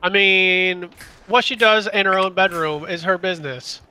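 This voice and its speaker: A man's voice: high voice, normal speed, bright, forceful tone, clear, resonant tone. A man in his twenties chatting casually during a game stream, wry and joking, rambling with fillers. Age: 20s. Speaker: gamer streaming with a friend. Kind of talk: casual gaming chat.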